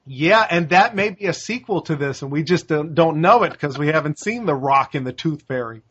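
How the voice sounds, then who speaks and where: A man with a high voice co-hosts a laid-back film review chat. He is animated, jumping into quick character impressions as he retells scenes. The recording sounds a bit dull and lo-fi. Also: husky. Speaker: podcast co-host. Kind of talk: casual movie review chat.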